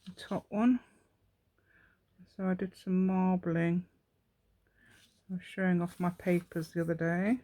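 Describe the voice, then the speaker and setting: Her voice sits fairly low, with a dark, steady tone, and she moves at a measured pace, pausing often. She hosts a relaxed craft tutorial for her channel, rambling chattily and murmuring to herself while her hands stay busy.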